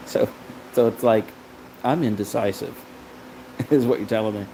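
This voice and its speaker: A man's voice: lowish voice, fairly even intonation, takes it slowly, dark tone, slight background noise, poor audio. A man hosting a casual livestream from a car shop, chatting with viewers and laughing constantly between lines. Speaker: livestream host. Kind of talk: casual live chat with viewers.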